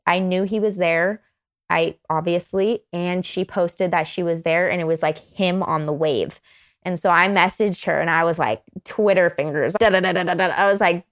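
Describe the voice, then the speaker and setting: A woman's voice: on the low side, steady tone, normal speed. A young adult woman, a podcast guest, telling a personal story in casual chat and often saying "like". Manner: chatty, filler-heavy with frequent "like".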